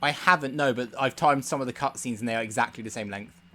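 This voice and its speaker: A man's voice: mid-range voice, quick pace. A young man doing casual commentary while speedrunning a game live, chatty and rambling. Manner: relaxed, chatty, rambling with fillers.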